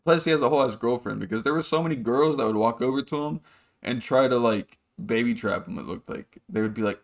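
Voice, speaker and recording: A man's voice: medium pitch, quick pace. A man hosting a podcast, rambling through a casual story, swearing freely and acting out the people in it. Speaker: podcast host.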